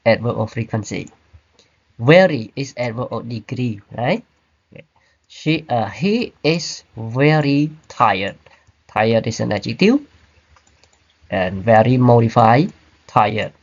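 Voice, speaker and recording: A man teaching an online grammar class, explaining slowly and checking in with "right?" and "okay?". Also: medium pitch, husky, dull audio. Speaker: English teacher. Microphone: computer mic on a video call.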